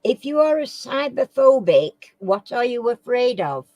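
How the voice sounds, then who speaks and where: A woman's voice: a little high, big pitch swings, a little slow, darkish tone, no echo, rough recording. A woman hosts a casual live quiz. She reads questions aloud, stumbles over words, and chats with viewers by name. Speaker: live stream quiz host.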